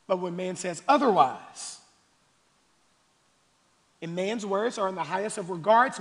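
A male pastor preaching a sermon, calling the congregation y'all and swinging between quiet questions and shouted declarations. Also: high voice, very animated, measured pace, long pauses. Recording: long hall reverb.

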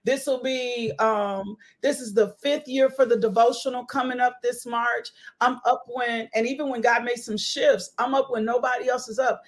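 A woman hosting a faith podcast, her voice sitting a little high. She speaks in an emphatic, preachy way and repeats key phrases for effect. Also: fairly even intonation, normal speed, few pauses. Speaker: host and ministry leader. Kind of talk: casual faith podcast conversation.

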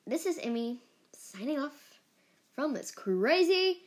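A woman talks through her own solo podcast in an earnest, heartfelt way, letting her feelings show. Her voice sits a little high and she takes her time between words. Now and then she breaks into giggles or a burst of excitement. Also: takes it slowly. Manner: earnest and heartfelt, openly emotional. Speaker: podcast host. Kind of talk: casual solo podcast monologue.

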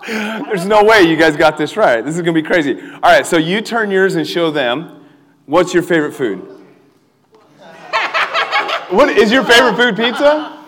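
Energetic young male preacher in a reverberant hall. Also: sits high, a little slow, long pauses. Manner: animated, calls for crowd responses, laughs often. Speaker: youth pastor. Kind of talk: energetic sermon. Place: church hall with a live audience.

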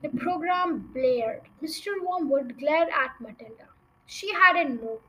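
A woman's voice: high voice, expressive, slow, bright, forceful tone, rough recording. A young woman reading a children's novel aloud as a storyteller, with chatty asides to her listeners.

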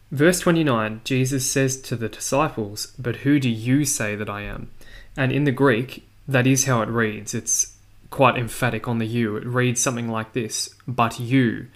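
A man gives a Bible study lesson in an even, mid-range voice. He goes through the passage verse by verse and explains each point for his listeners. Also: mid-range voice. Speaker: Bible teacher.

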